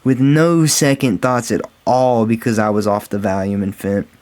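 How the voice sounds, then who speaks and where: A man's voice: fairly low pitch, fairly even intonation, moderate pace, a little mellow. A man telling a casual storytime vlog story, rambling and swearing freely and calling his viewers guys and bro. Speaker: storytime vlogger.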